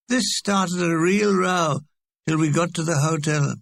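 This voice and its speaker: A man's voice: a little high, unhurried, creaky, fairly bright tone, no room sound. A man reading a comic memoir aloud with a wry, dry delivery. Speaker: audiobook reader.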